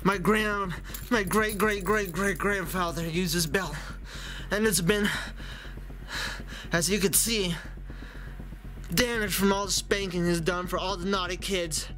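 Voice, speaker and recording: A woman's voice: lowish voice, fairly even intonation, a little slow, a bit bright, pitched below the performer's own voice. A woman voicing a weary, underpaid male plush chef who sighs, grumbles and swears. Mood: fed up. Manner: sighing, grumbling, foul-mouthed.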